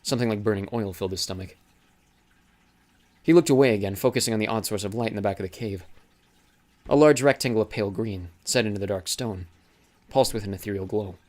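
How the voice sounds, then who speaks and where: A man narrating an audiobook in a steady, dramatic reading style. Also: fairly low pitch, quick pace, long pauses. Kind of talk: scripted narration.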